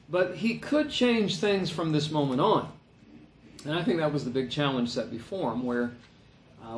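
Guy preaching a sermon, kinda high voice, lots of uhs, echoey room. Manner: explains scripture conversationally with frequent fillers and self-corrections.

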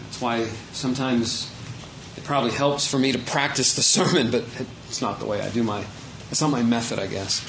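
A man preaching an unscripted, conversational sermon as pastor, shifting between emphatic points and quiet asides. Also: medium pitch, fairly even intonation, normal speed, roomy sound, a little hiss or hum, poor audio.

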